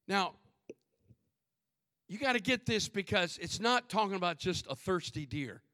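A man preaching a fervent sermon to his congregation, swinging from booming shouts to soft asides and calling out to the crowd. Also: big pitch swings, measured pace, pauses often, no room sound, clean studio sound. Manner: calls out to the congregation.

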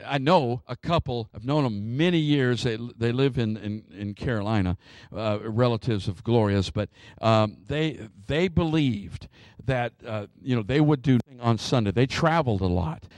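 A man preaching a sermon as pastor, animated, with frequent restarts and chuckles along the way. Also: mid-range voice, no echo.

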